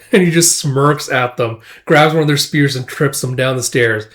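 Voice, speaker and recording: A man casually retelling a comic book out loud, chatty, with laughing asides. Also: mid-range voice, unhurried. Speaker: host. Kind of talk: casual manga read-through.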